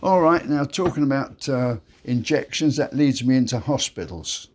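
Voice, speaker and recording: A man's voice: medium pitch, moderate pace. A man hosting a daily joke show, telling jokes in a chatty, folksy storyteller manner. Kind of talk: casual joke telling to camera.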